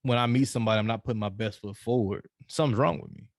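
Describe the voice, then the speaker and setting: A man's voice: on the low side, very fast, vocal fry, no echo, clean studio sound. A man hosting a casual podcast chat, talking loosely with slang and laughing often. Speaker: podcast host.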